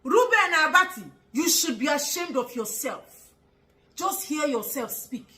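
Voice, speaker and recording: Speaking with a Nigerian accent, a woman gives an angry vlog commentary full of rhetorical questions, mocking laughter and occasional shouting. Her high voice sounds bright and sharp, animated yet measured in pace, on a rough recording.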